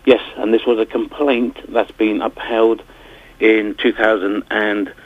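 Husky man on a tinny phone line. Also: fairly low pitch, little pitch movement, measured pace, no room sound. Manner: hesitant, many fillers and restarts. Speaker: campaigner and bereaved family member. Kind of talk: phone-in radio interview.

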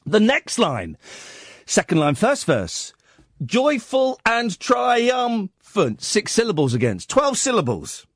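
A male radio host works through a comic monologue, incredulous and mock-outraged, humming snatches of tunes along the way. His voice leaps about wildly in pitch while he takes his time over the words. The studio sound is dry and close. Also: wildly swooping pitch, takes it slowly, no echo. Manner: sings and hums snatches of tunes.

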